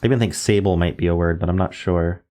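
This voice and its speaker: Low-voiced man musing over word puzzles. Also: fast, warm tone. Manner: muses aloud, spells out letters, self-corrects. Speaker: word game streamer. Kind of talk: casual thinking-aloud gameplay commentary.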